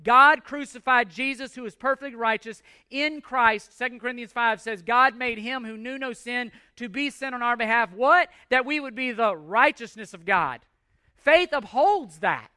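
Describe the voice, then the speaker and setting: Pastor, male, 40s, high bright voice, emphatic sermon delivery with rhetorical questions, dry close sound. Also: moderate pace, clear, resonant tone, dry recording.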